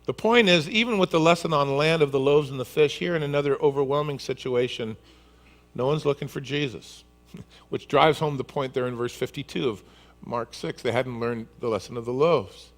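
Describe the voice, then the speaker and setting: A male pastor with a mid-range voice delivers a sermon at a moderate pace. He's an animated storyteller, telling the story vividly and acting out its scenes.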